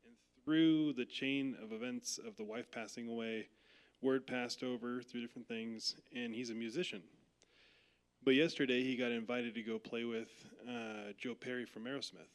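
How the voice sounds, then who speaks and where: American guy in church telling a quick story, mid pitch, earnest. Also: steady tone, clear, resonant tone. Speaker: congregation member. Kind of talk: testimony.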